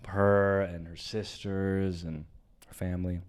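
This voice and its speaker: A young man co-hosting a comedy podcast, telling a personal story in a loud, animated way, swearing freely and dropping to a hush for the tender parts. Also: sits low, slow pace, clear, resonant tone. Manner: animated, swears a lot, swings from loud to hushed. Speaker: podcast co-host.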